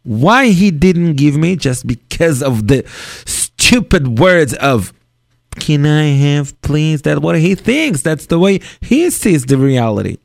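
Gravelly rabbi teaching in slow earnest English. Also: male voice, on the high side, very animated, no room sound, clean studio sound. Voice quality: non-native English grammar. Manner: earnest, acts out parent and child in dialogue. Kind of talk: Torah lecture on parenting.

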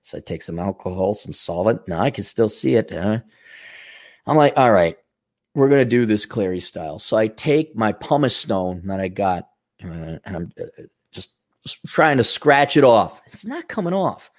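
Male show host, rambling and swearing, lively up-and-down pitch, sarcastic asides. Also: moderate pace. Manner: profane, sarcastic rambling with mock voices. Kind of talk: rambling monologue.

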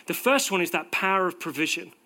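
A man preaching a sermon in a conversational, animated way, acting out little quotes as he goes. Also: sits high, quick pace.

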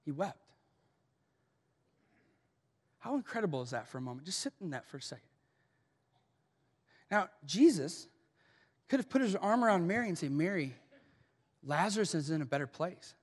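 Male pastor, American accent, high voice, preaching in an echoing church hall, loud then hushed. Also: sing-song, moderate pace, pauses often. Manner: emphatic, swings from loud urgency to soft hushed tones. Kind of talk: sermon. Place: large church auditorium. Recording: long hall reverb.

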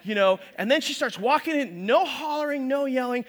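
A male pastor with a very high, bright, forceful voice preaches to his congregation. He tells stories in a lively way, acts out the characters' voices and sometimes gets loud. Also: brisk. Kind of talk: sermon with storytelling.

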